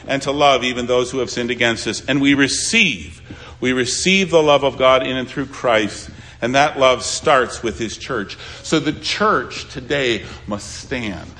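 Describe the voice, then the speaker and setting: A man delivers a sermon in a pastor's voice of middle pitch. He pleads with his listeners, rising to loud appeals and then sinking into quiet, hushed asides. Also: a little hiss or hum.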